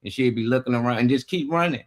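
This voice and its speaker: A man's voice: mid-range voice, fast talker. A man co-hosting a casual talk show who gives blunt, profane opinions with emphasis and speaks as a parent. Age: adult with children. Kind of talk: casual chat.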